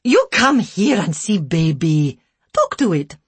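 A loud, impatient care worker barks short phrases in broken English, her voice pitched higher and pushed hard, as a woman narrator puts her on. She is large and brusque, from a storybook reading, and her husky voice comes through close and dry. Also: very animated, slow, dry recording, exaggerated voice.

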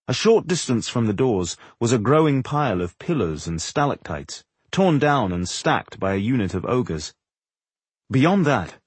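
A man narrating a fantasy audiobook in a measured, expressive storytelling manner. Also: mid-range voice, breathy edge, dry recording. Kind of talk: scripted narration.

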